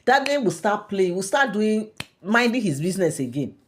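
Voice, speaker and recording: A woman with a Nigerian accent telling celebrity gossip in a chatty way, repeating herself and pausing often. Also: medium pitch, big pitch swings. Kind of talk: casual gossip storytelling.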